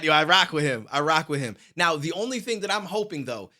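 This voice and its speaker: A man's voice: fairly high pitch, expressive, brisk, hardly any pauses, pushed and bright. A man hosting a reaction video, chatting casually and with energy, full of slang, on a studio microphone. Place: home studio.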